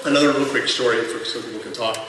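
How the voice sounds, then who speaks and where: A man's voice: mid-range voice, steady tone, fast. Man telling stories in an echoey convention hall. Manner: chatty, lots of fillers, laughs through the punchlines. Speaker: former colleague sharing memories. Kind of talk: anecdotal storytelling at a tribute panel. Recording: echoey hall from far off, noisy room.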